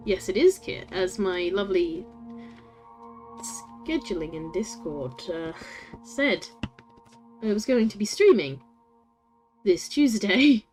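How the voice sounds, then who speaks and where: A woman's voice: mid-range voice, a little mellow. A woman streaming a story game, chatting with her viewers, laughing often and swearing casually.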